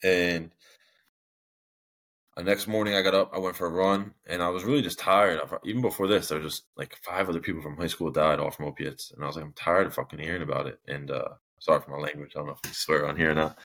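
A man's voice: low voice, steady tone, fast talker, a bit bright. A young man telling his own story as a podcast guest, candid and rambling, with many restarts and fillers.

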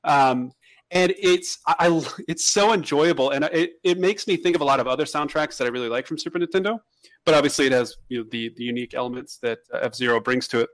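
Male podcast co-host, casual rambling delivery, medium pitch. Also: quick pace. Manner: rambling, many restarts and fillers. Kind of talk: casual chat.

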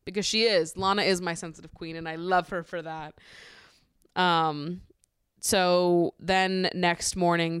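A young woman podcast host with a smooth, resonant voice that sits a little low. She chats casually and gushingly, filling her talk with "like" and laughing often. Her voice sounds dry and close. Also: no echo. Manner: chatty and gushing, heavy filler "like", laughs often; acts out quotes with animated voices. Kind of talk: casual chat recapping a reality show.

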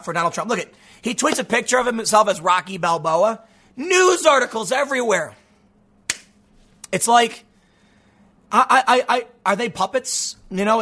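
Sarcastic bright-voiced man, hoarse. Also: high voice. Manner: mocking, animated, laughs often. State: losing his voice. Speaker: political commentary host. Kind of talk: sarcastic commentary.

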